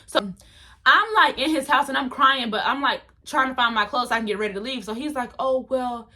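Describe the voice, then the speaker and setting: A young woman telling a storytime vlog story in an animated, dramatic, slangy way. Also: high-pitched, fairly quick. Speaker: vlogger.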